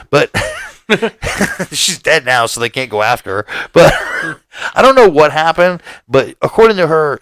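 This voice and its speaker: A man's voice: on the high side, a bit bright, dry recording. A man co-hosting a podcast, telling a rambling, profanity-laced story in casual chat and laughing through it. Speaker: podcast co-host.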